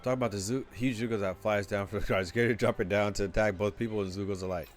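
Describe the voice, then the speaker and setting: A man's voice: fairly low pitch, fairly even intonation, fast, natural voice. A man voicing an eager townsperson who tells travelers about a bounty on a monster, reading game dialogue aloud in his everyday voice. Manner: reads the lines aloud in his own everyday voice.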